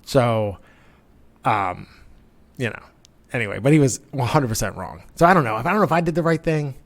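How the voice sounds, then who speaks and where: A middle-aged man co-hosting a casual chat, telling work stories in an animated way. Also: mid-range voice, moderate pace. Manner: storytelling, animated, frequent "you know". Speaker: co-host, construction manager.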